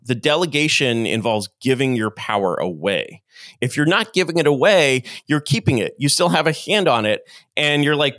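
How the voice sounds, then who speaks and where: A middle-aged man, a podcast guest, explains his ideas at length in an animated, lecturing way and acts out quotes as he goes. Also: medium pitch, moderate pace, dry recording, clean studio sound. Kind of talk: long-form interview monologue.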